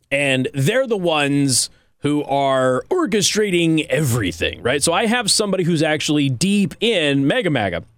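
A man hosting a satirical monologue, deadpan and mock-serious with casual fillers. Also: fairly high pitch, no room sound, clean studio sound. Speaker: host.

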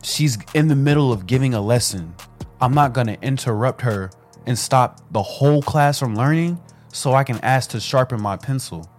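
A young adult man co-hosting a casual chat, telling a story in an animated way. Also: mid-range voice, moderate pace, soft background music. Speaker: co-host.

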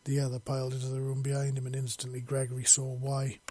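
A man narrating a fiction chapter in a steady, plain storytelling way. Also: mid-range voice, quick pace. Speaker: audiobook narrator.

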